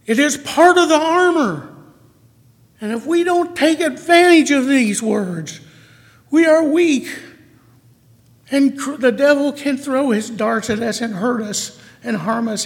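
Male church speaker, slow emotional sermon, gravelly, long hall reverb. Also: very high voice.

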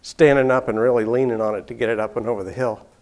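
A man's voice: medium pitch, fairly even intonation, fast, a little mellow. Older man telling a story with chuckles. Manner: easygoing, chuckling, frequent restarts. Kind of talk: personal storytelling.

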